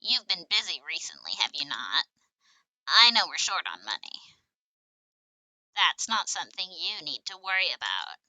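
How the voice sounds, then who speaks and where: A woman's voice: on the low side, big pitch swings, moderate pace, pauses often, dry recording, exaggerated voice, low-quality recording. Woman voicing a caring big-sibling bird. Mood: reassuring. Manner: gentle and reassuring.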